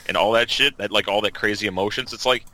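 A man talking casually on a podcast, circling his point with fillers like "like" and "you know". His voice is on the low side with a very bright, sharp edge. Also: steady tone, fast, low-quality recording. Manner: rambling, filler-heavy. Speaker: podcast co-host. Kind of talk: casual chat.

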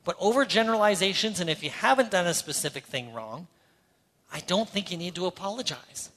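A man's voice: high-pitched, lively intonation, brisk, bright, forceful tone. A middle-aged Canadian man preaching a sermon, earnest and conversational with playful asides. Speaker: pastor. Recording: hall reverb.

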